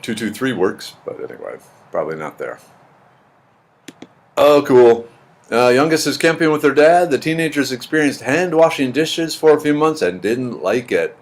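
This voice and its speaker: This middle-aged man hosts a livestream, answering comments chattily and rambling with repeated words. His medium-pitched voice is animated and moderately paced.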